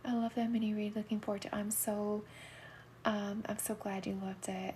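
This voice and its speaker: A middle-aged woman giving soulmate readings on a livestream, talking casually in a soft, soothing voice that often drops into a whisper. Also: medium pitch, level tone, moderate pace, a little hiss or hum.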